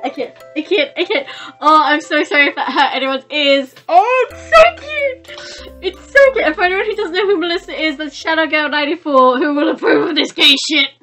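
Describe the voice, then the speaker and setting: Very high-voiced giddy young woman gamer. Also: fast talker, hardly any pauses, soft background music. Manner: giddy, excitable, swears, squealing. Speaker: gaming YouTuber. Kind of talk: let's play commentary.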